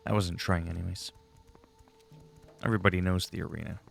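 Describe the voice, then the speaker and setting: A man with a low, heavily gravelly voice rambles casually while he plays, chatty and free with his swearing. Faint game music plays underneath his talk. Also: steady tone, fairly quick. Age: adult, long-time player. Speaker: gaming channel host. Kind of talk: casual gameplay commentary.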